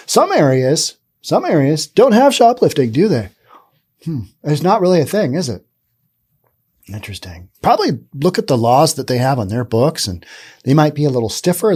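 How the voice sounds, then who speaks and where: A man's voice: mid-range voice, darkish tone. A middle-aged man hosting a solo podcast, talking casually with rambling, sarcastic asides. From Pacific Northwest, US. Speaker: podcast host.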